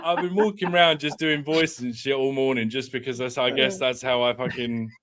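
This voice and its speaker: A man's voice: mid-range voice, steady tone, a little fast, fairly bright tone. A man as guest co-host on a live football stream, joking and swearing in casual banter. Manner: laughing, sweary, jokey.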